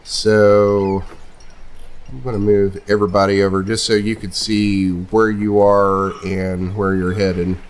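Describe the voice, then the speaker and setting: A man's voice: lowish voice, level tone, a little slow. A man narrating as game master of a tabletop game, casual and full of fillers.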